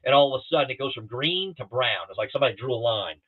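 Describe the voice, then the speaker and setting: A man's voice: medium pitch, quick pace, breathy edge. Middle-aged man telling stories over a thin, phone-like line. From Southeastern United States. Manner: lively storyteller who acts out other people's lines. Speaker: guest pilot. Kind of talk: storytelling in a podcast interview. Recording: thin phone-like remote call audio.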